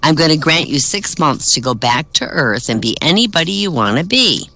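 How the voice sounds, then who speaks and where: A man telling a string of old jokes to an online comedy audience, jumping his pitch to act out each character's line. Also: sing-song, moderate pace, pushed and bright. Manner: acts out characters' lines with pitch jumps. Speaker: comedy set performer.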